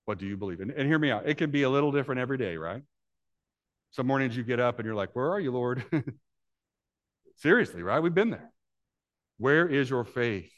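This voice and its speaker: A man preaching at a middle pitch with a dramatic, sweeping delivery. He drops to near-whispers for tender lines, then climbs high and loud when he acts out the crowd and the rejoicing family. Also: lively intonation, normal speed, pauses often, lo-fi sound. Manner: dramatic, swings from hushed to loud; acts out voices in Bible scenes. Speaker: pastor. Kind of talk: sermon.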